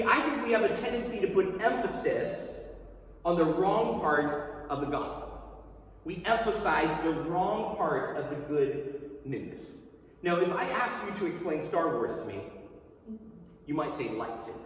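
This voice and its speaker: A man in his thirties preaching a sermon as a pastor, conversational and emphatic, with rhetorical questions to the congregation. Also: a little high. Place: church sanctuary. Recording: echoey hall from far off, faint ambience.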